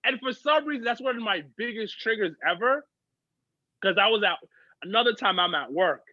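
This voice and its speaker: Male guest, high and bright, chatty profane talker, dry, dull audio. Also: expressive, moderate pace, dry recording. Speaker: podcast guest. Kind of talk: casual chat.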